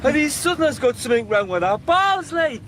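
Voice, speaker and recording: An actor playing a coarse, swearing lad from Newcastle who is lost on a trip to London. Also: male voice, extremely high pitch, big pitch swings, brisk. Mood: indignant. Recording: street and traffic noise.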